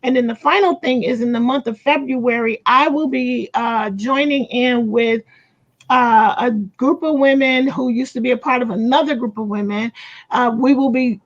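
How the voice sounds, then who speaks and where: A woman's voice: fairly high pitch, moderate pace, lo-fi sound. A woman co-hosting a craft livestream, chatting casually with plenty of fillers. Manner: rambling with many fillers. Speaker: co-host of a crochet and craft livestream. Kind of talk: casual chat.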